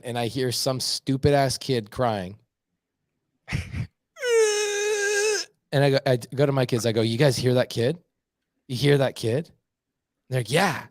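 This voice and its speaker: A middle-aged man telling blunt, animated stories as a podcast guest. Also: mid-range voice, dry recording, clean studio sound. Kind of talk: casual podcast conversation.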